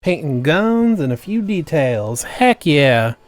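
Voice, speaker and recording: This streamer's voice is on the high side with big pitch swings, and he takes his time; there's no echo. Painting miniatures on a livestream, he jokes and chats casually with viewers into a desk mic, frequently trailing off and starting over.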